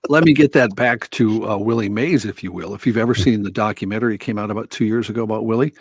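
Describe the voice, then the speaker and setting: Husky-voiced man recounting on talk radio. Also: on the low side, quick pace, no room sound. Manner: meandering, searching for words. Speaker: radio co-host. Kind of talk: casual talk radio banter.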